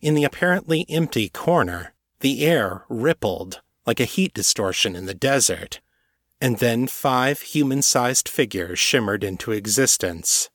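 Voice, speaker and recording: A man narrating a novel chapter in scripted audiobook style, with a measured, even delivery. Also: medium pitch, no echo, studio quality.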